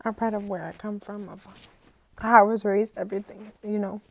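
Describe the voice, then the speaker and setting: A woman's voice: medium pitch, fairly even intonation, brisk, creaky, dry recording. A young woman talking to camera on her own channel, heartfelt and rambling, often tearful and close to crying. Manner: heartfelt, rambling, repeats "you know". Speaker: channel host. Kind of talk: casual talk to camera.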